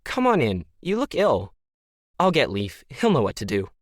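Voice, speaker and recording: A man's voice: medium pitch, wildly swooping pitch, moderate pace, no room sound, clean studio sound. A man voicing a lookalike of a hippie neighbor, sounding concerned and friendly. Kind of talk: audiobook character voice.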